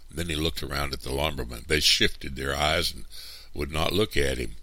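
A man calmly reading a story aloud as a narrator. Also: very deep voice, normal speed, no room sound. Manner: calm, even read-aloud narration. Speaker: reader.

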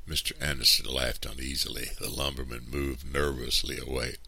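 Deep, gravelly male storyteller. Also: normal speed, few pauses, dry recording. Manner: calm, even read-aloud narration. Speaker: reader. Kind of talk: storybook narration.

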